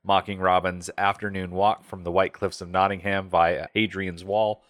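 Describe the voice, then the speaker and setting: A man's voice: low voice, flat delivery, normal speed, a bit bright, dry recording. A man co-hosting a casual movie review podcast, reading out facts and critics' quotes and then adding wry asides. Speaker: podcast co-host.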